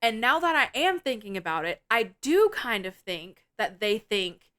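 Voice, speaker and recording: Woman podcast co-host, bright and clear, blunt and profane, animated scene recaps. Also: on the high side, moderate pace. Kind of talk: casual film review chat.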